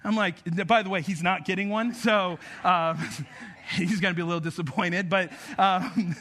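High, bright-voiced preacher man. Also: moderate pace. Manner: energetic, joking asides about his kids. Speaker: pastor. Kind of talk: conversational sermon.

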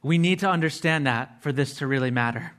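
A man's voice: fairly high pitch, brisk, a bit bright. Earnest man preaching a sermon. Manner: earnest, explains word meanings step by step; casual asides to listeners.

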